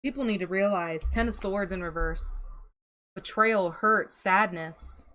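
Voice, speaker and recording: A woman's voice: mid-range voice, a little slow, sharp tone. A young woman giving a casual tarot reading to camera, chatty and sympathetic, laughing and sighing often. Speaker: tarot reader.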